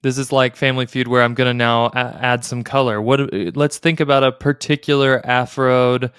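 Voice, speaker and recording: A man's voice: mid-range voice, little pitch movement, moderate pace, fairly bright tone, clear, resonant tone, no room sound, clean studio sound. A man co-hosting a casual podcast conversation, playfully quizzing his co-host like a game show.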